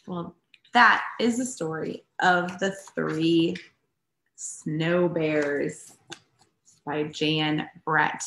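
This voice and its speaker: A woman pastor reads a picture book aloud to children at a slow, gentle pace. She is animated and often stops to ask her young listeners questions. The voice echoes in a roomy space. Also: low-pitched. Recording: roomy echo.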